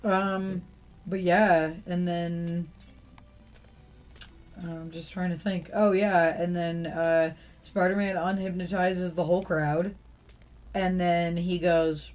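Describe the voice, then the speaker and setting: A woman's voice: fairly low pitch, flat delivery, takes it slowly, a little mellow. A woman hosting a casual podcast chat, swearing freely and laughing often as she retells events. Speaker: podcast host.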